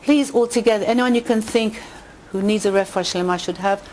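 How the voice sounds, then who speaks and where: Lively woman storyteller. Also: brisk, a little hiss or hum. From England. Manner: lively storyteller who rises in pitch on quotes and punchlines. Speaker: speaker addressing a women's audience. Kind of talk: inspirational talk with jokes and stories. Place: community hall with a live audience.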